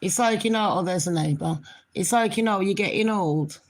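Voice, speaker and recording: A vlogger in middle age talks to camera at a normal speed in a mid-range voice. She's got a cold and a cough, yet keeps up a cheeky, rambling, casual chat with her viewers.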